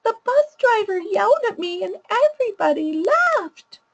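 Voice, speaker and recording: A woman doing a small upset child in a high, squeaky voice that swoops up and down as it whines about its troubles. The child sounds sulky and aggrieved. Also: sing-song, unhurried, vocal fry, muffled recording, full character voice. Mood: complaining. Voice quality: high-pitched. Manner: complaining, sulky. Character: upset young child telling a parent problems.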